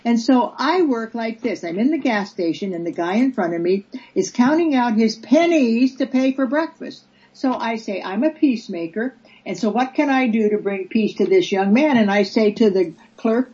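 Earnest older woman, mellow voice. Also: fairly high pitch, lively intonation, moderate pace, hardly any pauses, slightly rough, muffled recording. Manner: earnest storyteller, acts out quoted voices. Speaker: guest, peace activist. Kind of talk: casual interview chat.

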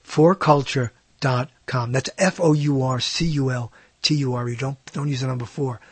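A man with a husky, medium-pitched voice hosts a radio show alone at a moderate pace, recorded with no room sound. His talk rambles and digresses, full of self-mockery and silly put-on voices.

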